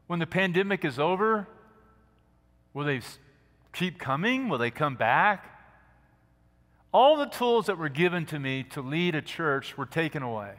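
Male pastor, sermon, bright ringing voice, earnest, gentle, long church reverb. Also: on the high side. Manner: earnest and gentle, drops to a soft hush for quiet moments. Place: church sanctuary.

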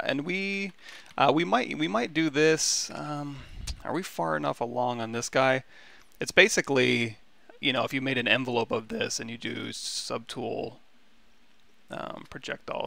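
A man giving a relaxed, rambling livestream tutorial on software, with many fillers and restarts. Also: mid-range voice, creaky, dry recording. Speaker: 3D sculpting instructor.

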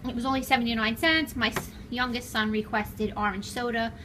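A woman's voice: fairly high pitch, steady tone, brisk, pushed and bright, slight background noise. Chatty woman vlogging her shopping trip. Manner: chatty, walks and talks while shopping. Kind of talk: casual shopping vlog. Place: car, stores and home.

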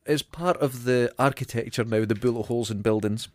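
A man's voice: medium pitch, fairly quick, no room sound. Man in an enthusiastic, dry-sounding retelling. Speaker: podcast co-host. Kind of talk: casual film chat.

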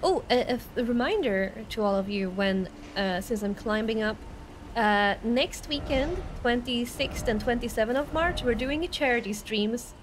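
Streaming a game live, this young woman from Sweden jokes around with playful sarcasm in Swedish-accented English, which isn't her native tongue. She speaks at a moderate pace in a fairly high voice, with background noise present.

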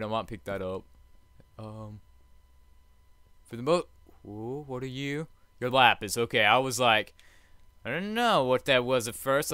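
A man hosting a let's play, chatty and jokey, swinging from hushed murmurs to loud excited outbursts. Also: medium pitch, smooth, no echo. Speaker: gaming channel host.

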